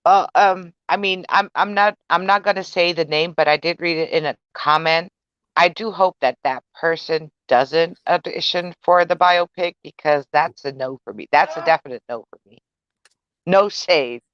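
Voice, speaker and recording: A frank, opinionated woman co-hosting a podcast, her voice fairly low and smooth. She comes through a remote call that sounds a little dull and dry. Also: moderate pace, fairly bright tone, no room sound. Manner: frank, opinionated, reads comments aloud. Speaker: podcast co-host. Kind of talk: casual podcast chat.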